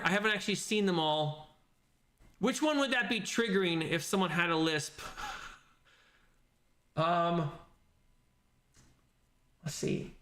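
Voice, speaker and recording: A man with a notably high voice hosts a relaxed stream, reading out viewer comments. He rambles, circles back, and restarts sentences often. His tone is bright and forward. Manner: rambling, with frequent restarts and self-corrections. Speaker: host reading live chat comments. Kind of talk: casual livestream chat.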